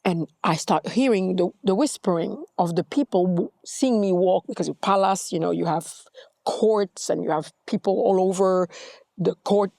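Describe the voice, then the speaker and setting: Animated woman telling her story, dry sound. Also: on the low side, normal speed, creaky, dry recording. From Congo. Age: middle-aged. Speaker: guest. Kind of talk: storytelling interview.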